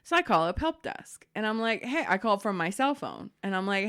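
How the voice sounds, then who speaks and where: Animated woman telling a story. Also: mid-range voice, fairly quick, clean tone. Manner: animated storyteller, acts out dialogue in other voices. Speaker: podcast co-host. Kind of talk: casual podcast chat.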